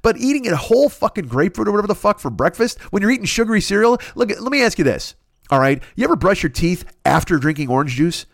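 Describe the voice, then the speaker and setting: A man's voice: sits high, big pitch swings, fast, creaky, no room sound, studio quality. A middle-aged man on a podcast, rambling through a crude, profane comedic rant and laughing at his own jokes. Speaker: podcast host.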